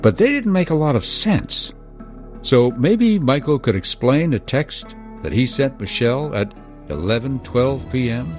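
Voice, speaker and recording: A man reading a scripted true-crime narration in a measured way, with dramatic pauses. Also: medium pitch, very animated. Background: music.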